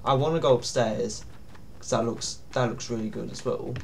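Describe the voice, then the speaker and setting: A man's voice: medium pitch, normal speed, gravelly, a little hiss or hum. A man giving nervous, jumpy commentary while playing a horror game. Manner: jumpy, nervous, often pleading to himself. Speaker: gaming YouTuber.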